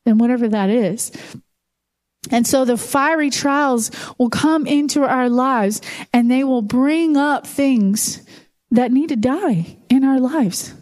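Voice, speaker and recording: High-pitched woman preaching in church, chatty and animated, lots of "you know"s. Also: unhurried. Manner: conversational, animated storytelling with fillers. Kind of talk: sermon.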